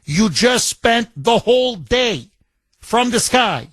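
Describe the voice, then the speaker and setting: Man, high voice, indignant talk radio rant, keeps restarting phrases, dry close sound. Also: sing-song, slow, a bit bright, no echo.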